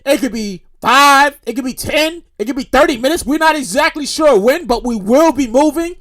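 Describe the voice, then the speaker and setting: A man voicing a male subway conductor who makes a slow, hesitant announcement to passengers. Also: extremely high pitch, lively intonation, fairly bright tone. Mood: announcing.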